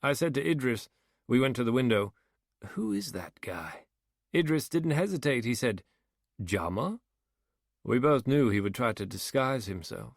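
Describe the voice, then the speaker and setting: A male narrator voicing a fussy, talkative wealthy man with a precise, drawn-out way of speaking. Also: medium pitch, expressive, no room sound, clean studio sound. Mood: musing.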